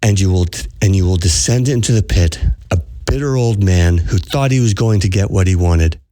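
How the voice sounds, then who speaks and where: This podcast host, a spiritual coach, urges listeners on earnestly and repeats key phrases for emphasis. His deep, mellow voice moves at a moderate pace, captured in a dry, studio-quality recording.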